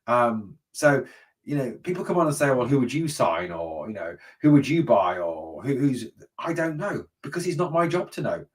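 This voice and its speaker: A man's voice: mid-range voice, very animated, normal speed, breathy edge, far from the mic. A man hosting a live stream, reading viewer comments and answering bluntly, often swearing and saying "mate". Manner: blunt and swears freely, says "mate" and "obviously" a lot. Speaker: host of a fan channel.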